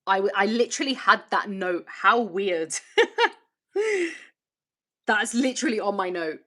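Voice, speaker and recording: A woman's voice: medium pitch, unhurried, fairly bright tone. Candid, rambling woman on a livestream. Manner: candid, rambling, swears freely. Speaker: channel host. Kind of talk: casual livestream chat reading viewer comments.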